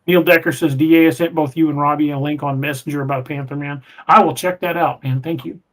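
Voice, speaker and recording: A man hosting a podcast, reading viewer comments aloud in a relaxed, chatty way. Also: fairly high pitch, brisk. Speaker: podcast host reading live chat. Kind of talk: casual live-stream chat.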